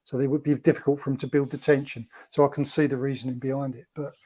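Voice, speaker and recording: A man's voice: mid-range voice, flat delivery, fast, dark tone. A man telling anecdotes as a guest, chatty and rambling with lots of fillers. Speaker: guest, former film extra.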